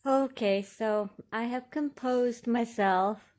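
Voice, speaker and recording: A woman's voice: mid-range voice, slow. Gushing woman unboxing on camera. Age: 40s. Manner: gushing, excitable, talks to viewers. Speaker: crafting vlogger. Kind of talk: casual unboxing commentary.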